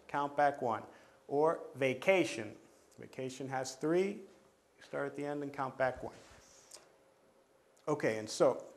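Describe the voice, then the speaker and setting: A man's voice: fairly high pitch, gravelly. A man training teachers, explaining pronunciation rules step by step in a methodical way, with frequent fillers and restarts. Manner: methodical, repeats steps, many fillers and restarts.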